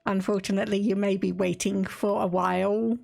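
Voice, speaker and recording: A woman's voice: medium pitch, level tone, fairly quick, gravelly, darkish tone, faint music behind. A woman with an Estuary English accent from England, chatting casually and laughing as she streams a strategy game and reads game text aloud. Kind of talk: casual live-stream gameplay commentary.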